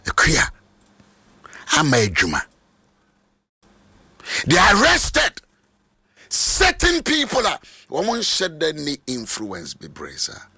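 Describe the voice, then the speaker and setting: A Ghanaian man preaching a sermon, mixing Twi and English and swinging from low speech to high shouts. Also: wildly swooping pitch, takes it slowly, vocal fry, long pauses, breathy edge, no echo.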